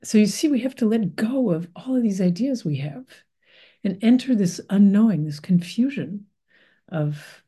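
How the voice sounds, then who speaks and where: A woman's voice: mid-range voice, expressive, moderate pace, warm tone, husky. An American woman, middle-aged, giving a reflective spiritual talk in a thoughtful, meandering way with many fillers and restarts. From United States.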